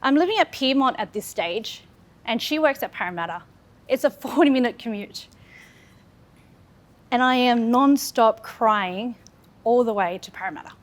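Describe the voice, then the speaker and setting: With a fairly high voice, lively intonation and frequent pauses, she talks at an ordinary speed. The speaker, an Australian woman in her thirties, gives a sincere and candid talk about her life, returning to phrases again and again.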